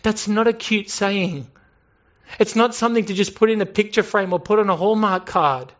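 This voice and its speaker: High-voiced earnest male preacher. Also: normal speed, highs cut off. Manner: earnest, rhetorical questions, rising emphasis. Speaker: pastor. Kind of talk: sermon.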